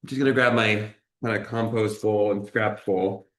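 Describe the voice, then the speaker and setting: A man's voice: fairly low pitch, fairly even intonation, normal speed, fairly bright tone, reverberant. A man chef teaching a cooking lesson, talking through each cut in an encouraging way and often checking in with "okay?". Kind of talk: cooking demonstration. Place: kitchen.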